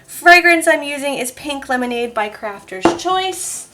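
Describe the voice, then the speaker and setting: A woman's voice: high voice, animated, measured pace, sharp tone. A woman soap maker chatting casually as she works, laughing now and then through her stories. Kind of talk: casual crafting vlog narration.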